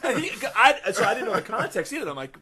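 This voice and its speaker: A man co-hosting a casual podcast, telling a story excitedly through laughter. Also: high voice, quick pace, slight background noise. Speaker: podcast co-host.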